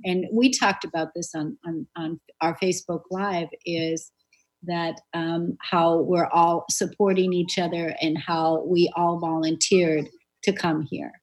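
A woman's voice: lowish voice, fairly even intonation, a little slow, low-quality recording. Earnest woman hosting a spiritual show. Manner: earnest, flowing, many fillers and restarts. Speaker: radio show host. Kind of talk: spiritual conversation.

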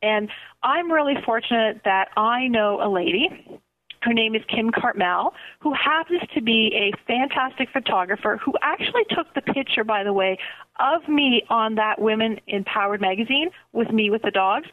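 A woman's voice: on the high side, animated, moderate pace. A middle-aged woman with a Canadian accent hosting a radio show, talking to listeners in an enthusiastic, gushing way. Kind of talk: upbeat radio chat with promotions. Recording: phone-line quality audio.

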